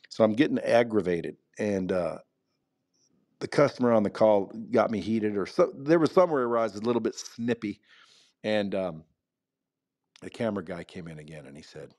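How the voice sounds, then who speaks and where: A middle-aged man speaking in a blunt, profane, animated way, telling a story as a guest speaker in a casual live chat. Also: lowish voice, fairly quick.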